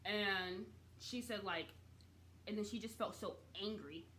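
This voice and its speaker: A woman's voice: mid-range voice, unhurried, slight background noise. Chatty young woman reviewing a show. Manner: chatty and expressive, with casual slang and swearing. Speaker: TV series reviewer. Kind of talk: casual recap vlog.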